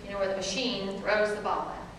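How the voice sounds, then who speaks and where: Her voice is mid-range and brisk as this woman in her forties, an author with a Southern US accent, shares stories with a live audience. She's chatty, animated and laughing, calling everyone "y'all." The recording is noisy, with echo and a distant mic.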